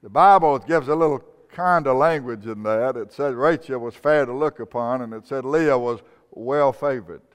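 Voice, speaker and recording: A man preaching a sermon, stressing each name with a rise and then dropping to a low, slow finish. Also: smooth. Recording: long hall reverb.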